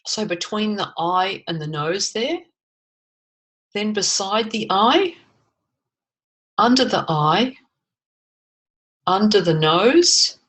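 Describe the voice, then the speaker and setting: Calm woman leading a tapping session. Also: mid-range voice. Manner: calm, slow, repeats short phrases for listeners to echo. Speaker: tapping coach. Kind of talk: guided tapping webinar.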